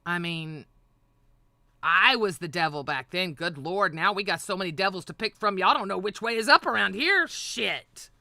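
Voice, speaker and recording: A woman hosting a livestream, ranting with heavy profanity and often breaking into shouts. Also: lowish voice, expressive, moderate pace, no echo. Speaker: livestream host. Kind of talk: heated livestream rant.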